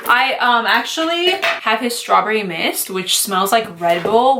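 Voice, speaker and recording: A young woman beauty vlogger talking through an excited unboxing and makeup tutorial, gushing and dramatic with lots of slang. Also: fairly high pitch, measured pace, hardly any pauses, noisy background.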